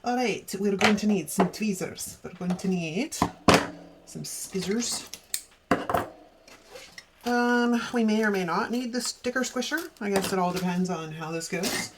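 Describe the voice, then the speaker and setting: A woman's voice: mid-range voice, a little slow, heavy background noise. A young adult woman chatting casually as she plans, giggling and thinking aloud in a playful put-on accent. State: sore back. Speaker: planner vlogger. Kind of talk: casual plan-with-me chat.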